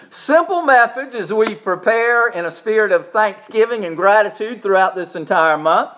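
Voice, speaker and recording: A man's voice: high voice, animated, moderate pace, few pauses, a bit bright. A man preaching a sermon in a church service, with emphatic repetition, Bible reading and a spoken prayer, asking the congregation to repeat after him. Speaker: pastor.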